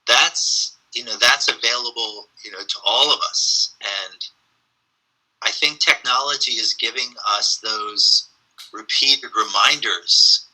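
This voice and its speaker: A man with a very bright, sharp tone chats as a podcast guest. He muses on ideas and slips into lively storytelling, throat-clearing and saying "um" as he goes. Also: medium pitch, slow, poor audio. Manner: animated storyteller, frequent fillers. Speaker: podcast guest, spiritual teacher. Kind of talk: casual reflective conversation.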